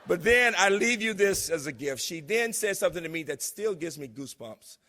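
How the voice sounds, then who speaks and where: Animated older man speaking in a hall. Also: high voice, normal speed. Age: 60s. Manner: animated, emphatic, storytelling. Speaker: keynote speaker, university president. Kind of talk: conference speech. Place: large lecture hall. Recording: long reverb of a large hall.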